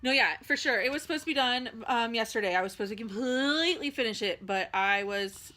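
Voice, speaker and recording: Bright-voiced chatty woman host. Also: on the high side, lively intonation, fairly quick. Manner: chatty, lots of "like" and "totally". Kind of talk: casual chat. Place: home.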